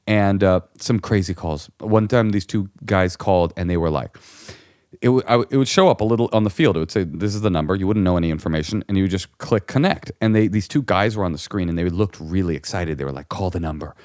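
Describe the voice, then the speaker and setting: A man with a low voice tells a long story in casual chat, jumping into the voices of the people he describes. The sound is close and dry, with no room behind it. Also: quick pace, no echo. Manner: animated storyteller, acts out voices. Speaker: guest comedian.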